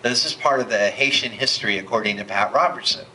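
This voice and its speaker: A man's voice: medium pitch, fast talker, sharp tone, a little hiss or hum, poor audio. A man preaching a sermon in a church, impassioned and building to emphatic peaks. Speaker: pastor. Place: church hall.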